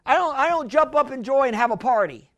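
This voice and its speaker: A woman preaching a sermon, emphatic, repeating key phrases and stumbling into restarts, slowing right down to stress a point. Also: sits high, expressive, fairly bright tone. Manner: slows down hard to stress lines.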